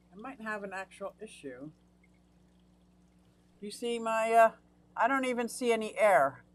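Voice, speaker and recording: A middle-aged woman with a fairly high voice hosts a casual live stream from her home fish room as an aquarium hobbyist. She chats freely and greets viewers by name, with a little hiss or hum in the audio.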